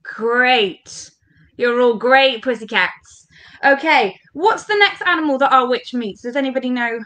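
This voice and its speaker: A woman's voice: high-pitched, a little slow, fairly bright tone. A woman leading an online storytelling workshop for children, upbeat and encouraging as she speaks straight to the kids watching. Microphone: online livestream.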